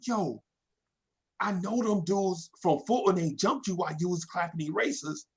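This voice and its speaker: A man's voice: sits high, normal speed, husky. A man doing a brash young schoolboy. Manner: brash, slangy. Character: cocky young schoolboy, street slang.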